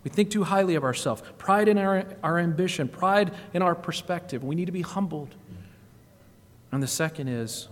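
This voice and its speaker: A man preaching a sermon in a church, swinging between loud emphatic exclamations and low hushed passages. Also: moderate pace, long reverb tail, a little hiss or hum. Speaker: guest preacher. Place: church sanctuary.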